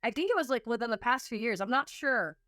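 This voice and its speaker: Laughing, animated woman podcast host. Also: on the high side, quick pace, no echo. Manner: animated storyteller who laughs often and acts out her own reactions. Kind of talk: casual chat.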